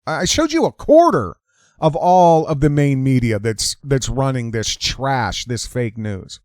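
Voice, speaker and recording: A man's voice: medium pitch, lively intonation, a little slow, a little mellow, no echo. A man hosting a ranting political commentary show, talking in a heated, indignant, emphatic way, recorded close on a dry mic. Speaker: host.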